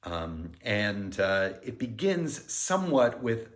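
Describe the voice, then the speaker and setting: A middle-aged man, a music director, giving a pre-concert talk and explaining the music in an unhurried, friendly lecturing way. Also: lowish voice, sing-song. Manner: explanatory, counts beats aloud and sings themes. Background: piano.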